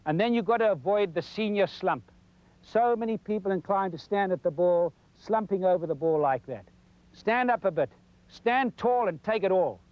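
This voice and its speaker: A man's voice: high voice, moderate pace, a little mellow, no echo, low-quality recording. A man giving a folksy golf lesson for television, demonstrating as he talks. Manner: folksy, demonstrating while talking. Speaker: golf instructor. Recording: 1990s television broadcast.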